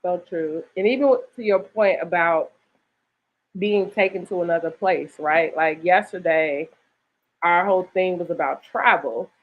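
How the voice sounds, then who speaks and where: A woman's voice: on the low side, measured pace. A woman co-hosting and organizing a literary festival, talking in an upbeat, chatty way, often checking in with "right?", with a slight lisp. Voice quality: slight lisp from dental aligners. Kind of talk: casual promotional chat. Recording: dull lo-fi audio.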